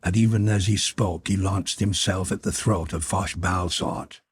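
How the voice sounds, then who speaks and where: Husky-voiced male audiobook narrator. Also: deep voice, fairly even intonation, a little slow, no echo. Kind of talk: scripted narration.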